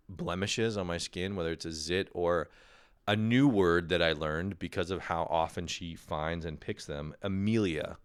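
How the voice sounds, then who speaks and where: A man's voice: deep voice, smooth. A man hosting a podcast, delivering a rambling, profane comic monologue full of "you know" and "right.". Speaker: podcast host.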